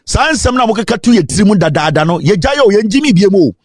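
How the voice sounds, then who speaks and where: A Ghanaian man giving a fiery political rant, his fairly high voice leaping up and down as he fires off repeated rhetorical questions. He slips between English and Twi, sometimes in a sing-song lilt, and the sound is dry and close, with no room around it. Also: expressive, racing, husky, no echo. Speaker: political commentator.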